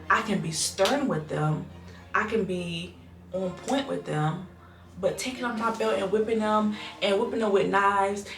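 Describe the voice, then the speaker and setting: Slow-talking mother, low and earnest. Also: roomy sound. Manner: earnest, thinks aloud with restarts and repetition. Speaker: vlogger and mother. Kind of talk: casual reflective talk to camera.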